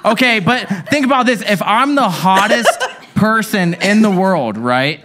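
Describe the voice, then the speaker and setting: A man's voice: high-pitched, expressive, unhurried, background noise. A man co-hosting a live show, protesting and laughing while losing a debate game. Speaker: podcast co-host. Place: live event before an audience.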